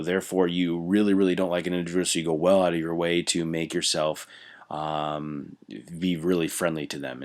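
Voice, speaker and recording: Very deep-voiced male teacher lecturing. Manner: conversational, explains with everyday examples and frequent fillers. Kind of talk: recorded classroom lecture. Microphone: computer mic while scrolling through notes.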